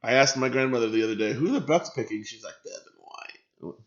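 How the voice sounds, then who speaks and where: A man's voice: medium pitch, racing, fairly bright tone. Man hosting a lo-fi live stream. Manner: chatty, reacting to viewer comments, swears freely. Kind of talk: casual live stream reaction.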